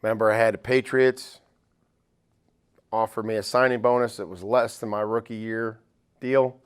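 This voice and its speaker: Low-voiced man telling relaxed stories. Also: normal speed, clear, resonant tone. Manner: relaxed, rambling anecdotes with many "you know" fillers. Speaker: football head coach, guest. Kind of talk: casual interview storytelling.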